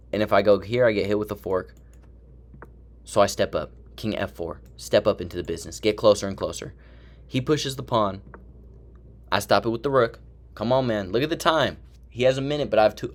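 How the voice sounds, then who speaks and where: A young man excitedly giving play-by-play commentary on his own chess game, talking to himself as he goes. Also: lowish voice. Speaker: chess streamer.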